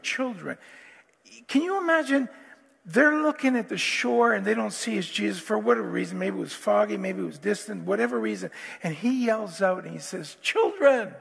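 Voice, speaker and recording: A man preaching a sermon as pastor, animated and prone to restarts, acting out quotes from the story. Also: sits high, gravelly, husky. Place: church hall. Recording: long hall reverb, faint guitar.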